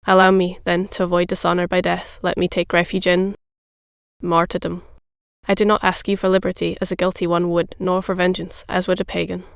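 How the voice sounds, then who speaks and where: A flat, synthetic-sounding reader voicing Milady, a scheming noblewoman prisoner, in an audiobook, with little change from the narration voice. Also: mid-range voice, brisk, creaky, clean tone, dry recording, studio quality, natural voice. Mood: pleading. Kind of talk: audiobook reading.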